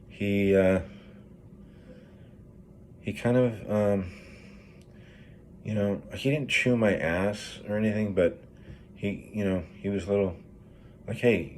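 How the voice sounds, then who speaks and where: Middle-aged man, grieving, low deep voice; loose profane vlog ramble, full of fillers. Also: darkish tone, a little hiss or hum. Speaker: project manager in recovery. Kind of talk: candid personal vlog.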